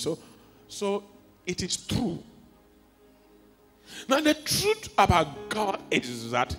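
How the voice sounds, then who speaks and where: A man preaching a sermon as a pastor, telling stories and swinging from quiet asides to shouts. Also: high voice, huge pitch swings, slow, pauses often. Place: church hall. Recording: long hall reverb with faint music.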